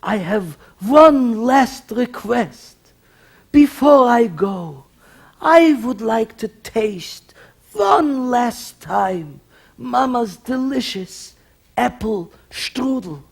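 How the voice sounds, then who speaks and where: A man's voice: extremely high pitch, lively intonation, very slow, gravelly, breathy edge, voice pushed up, heavily acted. A man voicing a dying old father making a last request, weak and pleading.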